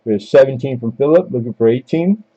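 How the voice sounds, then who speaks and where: A man runs a live coin auction, calling for bids and joking with viewers between lots. His mid-range voice is very dark and mellow, expressive, and quick. The sound is a bit dull and lo-fi, like a home stream mic.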